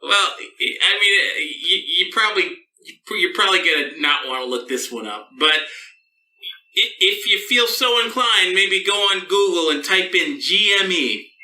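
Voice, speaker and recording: A man hosts a comedy podcast in a hesitant, stammering, deadpan way. His voice is very bright and fairly high, and it sounds roomy and set back from the microphone. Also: normal speed. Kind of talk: casual comedic banter. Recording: roomy, distant mic.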